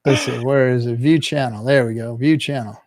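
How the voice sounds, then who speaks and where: A man hosting a casual live-stream chat show, talking in a rambling, halting way with many restarts. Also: medium pitch, fairly even intonation, dry recording, clean studio sound. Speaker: podcast host.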